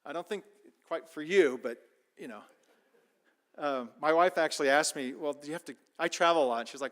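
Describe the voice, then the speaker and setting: Male speaker, slightly high voice, relaxed technical talk with many fillers and restarts. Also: fairly quick. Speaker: conference speaker.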